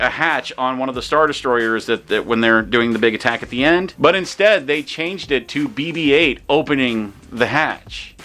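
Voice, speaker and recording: A young adult man hosting a sarcastic movie critique, ranting with an animated, mocking manner. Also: a little high. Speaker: movie review host. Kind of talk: sarcastic film critique monologue.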